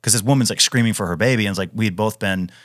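A man in his thirties talks in a low register, casual and emphatic, leaning on "dude" and restarting his sentences. The sound is dry and close to the mic, with no room behind him. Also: very fast, a bit bright, no echo. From Wisconsin, US. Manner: emphatic, frequent fillers and restarts, says "dude" often. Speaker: podcast guest, retired Navy SEAL. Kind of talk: casual conversational storytelling.

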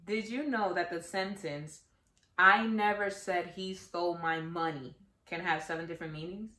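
Young woman co-host, bright voice, playful slangy chat, roomy echo. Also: on the low side, steady tone, normal speed. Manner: playful, laughs often, slangy. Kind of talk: casual chat. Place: shared home.

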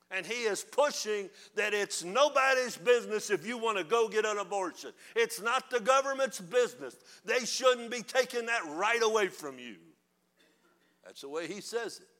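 An older man preaching with fire in a high, ringing voice. His delivery is bright and forceful, swinging from low, muttered asides to loud, shouted declarations. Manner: fiery, preaching with rising shouts. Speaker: pastor. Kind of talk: sermon.

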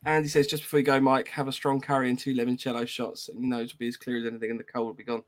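A man's voice: medium pitch, flat delivery, rapid-fire. A British man co-hosting a casual podcast, reading out live chat comments and laughing often.

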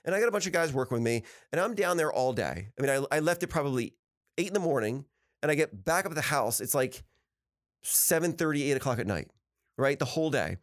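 A man hosting a podcast, telling personal stories in a casual, animated and upbeat way, often laughing as he talks. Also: fairly high pitch, fast talker. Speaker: podcast host. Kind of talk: casual storytelling chat.

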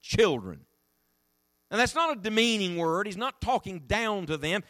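A middle-aged man preaching a sermon in an animated, emphatic way, voice rising and falling. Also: high-pitched, brisk, dry recording, studio quality.

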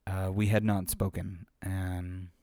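Amateur male reader, casual chat, unhurried and rambling, dry close sound. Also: low-pitched, flat delivery, mellow, no room sound. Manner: rambling, self-deprecating, with frequent fillers. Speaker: amateur reader of children's stories. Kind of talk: casual chat after a reading.

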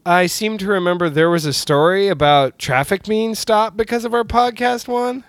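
A man's voice: high-pitched, normal speed, no echo. A middle-aged man from California co-hosting a podcast, chatting casually, telling stories and laughing often. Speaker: podcast co-host. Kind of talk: casual chat.

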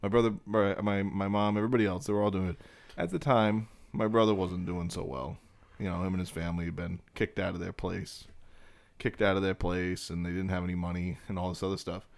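Low-voiced man telling profane stories. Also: steady tone, a little fast, gravelly. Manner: profane, storytelling, laughs often. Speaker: podcast co-host. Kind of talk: casual chat. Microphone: headphones and mic.

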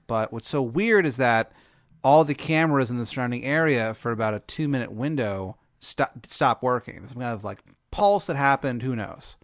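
A man's voice: mid-range voice, no echo. A man host improvises a hypothetical story with a playful, teasing manner. His voice sits mid-range. The recording is dry and close. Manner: playful, laughing, drawn-out.

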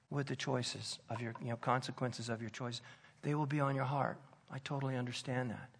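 A man preaching a sermon, telling a personal story in an earnest, conversational way that drops to soft intensity. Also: medium pitch, vocal fry, slightly rough.

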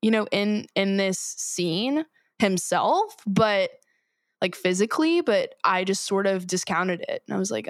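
A woman's voice: medium pitch, a little slow, dry recording, studio quality. A woman co-hosting a podcast, talking through a cartoon episode in a thoughtful, hedging way. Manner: thoughtful, hedging, with um and you know. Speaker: podcast co-host. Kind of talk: casual chat discussing a cartoon episode.

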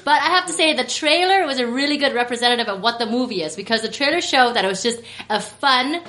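A woman's voice: fairly high pitch, animated, quick pace, pushed and bright. A woman co-hosting a podcast, chatty and upbeat, laughing often as she talks. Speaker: podcast co-host. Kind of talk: casual chat.

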